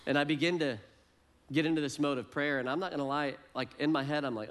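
A man's voice: fairly high pitch, fairly even intonation, quick pace, fairly bright tone. A middle-aged male pastor preaching a sermon in a conversational, self-deprecating way, often repeating words as he starts a phrase.

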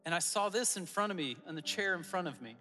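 A man preaching as a pastor, telling personal stories in an earnest way with soft asides. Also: high voice, expressive, fast talker, big-room sound, faint music behind. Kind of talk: sermon. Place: church auditorium.

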